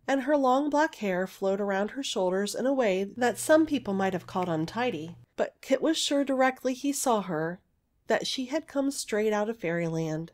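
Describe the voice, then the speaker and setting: A woman narrating a fairy story aloud in an expressive, gentle storytelling manner. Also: medium pitch.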